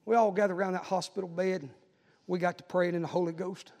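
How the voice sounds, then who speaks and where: Gravelly high-voiced preacher. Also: male voice, steady tone, fast talker, darkish tone, long reverb tail. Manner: storytelling and exhorting, building to urgent appeals. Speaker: pastor. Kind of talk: sermon.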